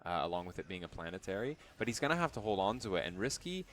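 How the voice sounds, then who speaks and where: Very low-voiced male esports caster. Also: sing-song, very fast, a bit bright. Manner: chatty, self-deprecating, trails into fillers. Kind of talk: live game commentary.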